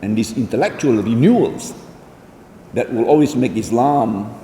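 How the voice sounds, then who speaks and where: Man, formal lecture, mellow dark voice, measured delivery, roomy hall echo. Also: medium pitch, animated, a little hiss or hum. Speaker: lecture speaker. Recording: echoey hall with faint ambience.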